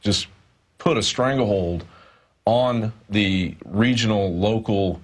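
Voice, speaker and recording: A man's voice: on the low side, slow pace. A male reporter talking through a studio news discussion, rambling and hesitant with many fillers.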